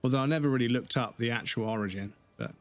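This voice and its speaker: A man's voice: mid-range voice, fast. A man from the UK giving casual, rambling commentary while live-streaming a game, with many hesitations.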